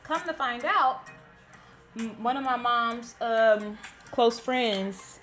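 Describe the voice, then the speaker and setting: A woman's voice: a little high, takes it slowly, a bit bright. A woman in her thirties from the Bay Area, telling a story to her viewers in a chatty, blunt and profane way. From San Francisco Bay Area. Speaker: vlogger. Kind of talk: casual storytelling. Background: faint background music.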